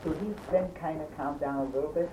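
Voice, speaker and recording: A woman telling a personal story in casual conversation, emphatic and animated, repeating words for stress and laughing between phrases. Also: deep voice, fast talker. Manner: animated, chatty, laughs mid-sentence. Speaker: storyteller recounting an accident. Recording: roomy, distant mic, faint background noise.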